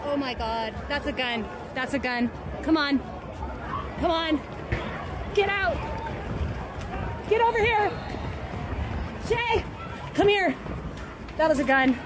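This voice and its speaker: A woman bystander shouting urgently in a panic, recorded on a phone outdoors at a city protest. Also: high voice, expressive, takes it slowly, long pauses. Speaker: bystander filming a shooting. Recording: crowd and noise outdoors, from far off.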